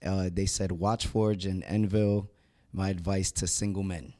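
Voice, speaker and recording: A man with a very low, dark voice reads out viewer comments from the chat. He hesitates often and fills pauses with small sounds. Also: steady tone. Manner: hesitant, many fillers. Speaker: producer reading chat.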